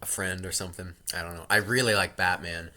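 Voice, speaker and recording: A man's voice: sits low, fairly even intonation, fast, pushed and bright, a little hiss or hum. A man vlogging at home into a laptop mic, rambling in casual chat with jokey asides and self-interruptions.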